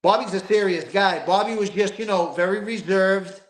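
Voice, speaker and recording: A man's voice: high voice, moderate pace, roomy sound. An older man, telling stories in a rambling, emphatic street-talking way as an interview guest. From East Boston. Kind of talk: casual interview storytelling.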